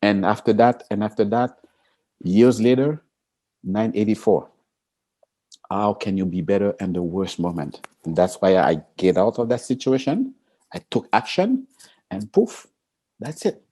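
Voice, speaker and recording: Man, interview guest, low-ish pitch, mellow tone, expressive storytelling, acts out quotes. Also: a little slow, long pauses. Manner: expressive, jumps into high excited pitch, acts out quotes, laughs. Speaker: Olympic sprinter, interview guest.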